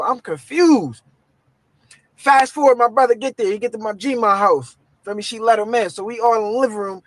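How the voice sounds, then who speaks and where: A man's voice: very high voice, a bit bright, dry recording, rough recording. A man telling a dramatic personal story in casual slang, acting out what everyone said.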